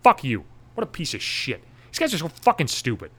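A man's voice: on the high side, wildly swooping pitch, fairly quick, fairly bright tone, husky. A man who works in radio, delivering a profane, sarcastic, angry rant to the camera. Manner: angry, swearing constantly, sarcastic. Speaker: radio station worker. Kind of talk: profane ranting monologue.

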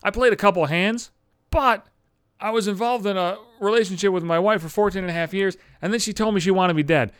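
A Buffalo-area man in his thirties hosts a podcast, delivering a profane, exasperated, sarcastic rant in a casual monologue. His voice sits high and moves a little fast, with a clean tone. The studio-quality recording has no echo.

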